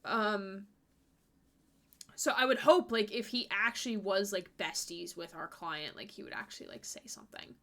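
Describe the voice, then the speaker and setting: A woman's voice: mid-range voice, moderate pace, pushed and bright. A woman streamer giving casual, chatty let's-play commentary, giggly and full of fillers.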